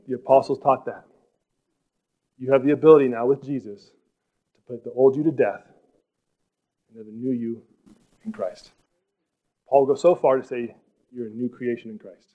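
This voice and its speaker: A man preaching a sermon as pastor in a casual, animated way, sometimes acting out what others might say. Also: mid-range voice. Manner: animated, conversational, acts out quoted speech. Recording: dull lo-fi recording.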